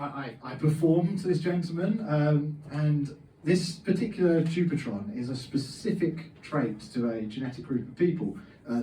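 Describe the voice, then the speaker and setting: A man's voice: fairly high pitch, slight background noise. A young man performing a stand-up comedy set in a packed comedy club, acting out his dad's lines in his anecdotes. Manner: animated storytelling, plays out his dad's lines. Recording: roomy club sound from a distant camera. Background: faint audience laughter.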